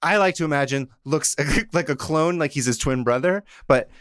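A man's voice: on the high side, normal speed, a bit bright, clean tone, dry recording, clean studio sound. A man co-hosting a podcast in a comedic casual chat, joking and laughing often. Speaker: podcast co-host.

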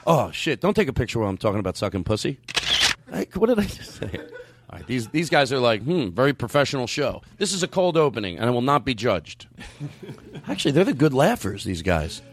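A man hosting a comedy podcast in a studio with a live band, amped up on coffee, animated and swearing freely as he slips in and out of joke voices. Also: mid-range voice, a little fast, a little hiss or hum. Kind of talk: loose comedic banter.

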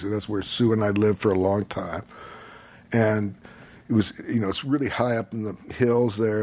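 A man's voice: on the low side, a little mellow, slightly rough. A middle-aged or older man, a podcast guest, telling a rambling, laid-back story with chuckles and casual swearing.

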